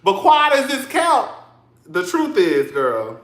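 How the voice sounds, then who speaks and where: A man's voice: sits high, wildly swooping pitch, takes it slowly, roomy sound. A man casually commenting on a reality show, sassy and dramatic, laughing often and calling his listeners girl.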